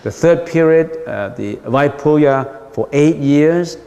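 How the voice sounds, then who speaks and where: A man's voice: on the high side, takes it slowly, warm tone, dull audio. A man, a Buddhist monk, giving a dharma lecture in a patient way, repeating key points with frequent ums. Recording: long hall reverb.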